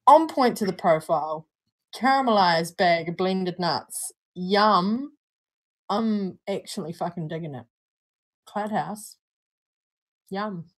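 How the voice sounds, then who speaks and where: A woman's voice: lowish voice, slow, pauses often, low-quality recording. A young woman with a New Zealand accent, co-hosting a casual live-stream review in a chatty, easygoing way. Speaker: co-host reviewing vape juice.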